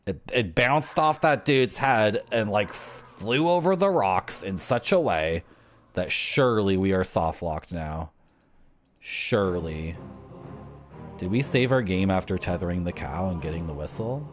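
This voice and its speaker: A man's voice: deep voice, lively intonation, unhurried. A man streaming a game live, talking in a rambling, jokey way and drifting into tangents. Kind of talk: live gameplay commentary. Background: game music.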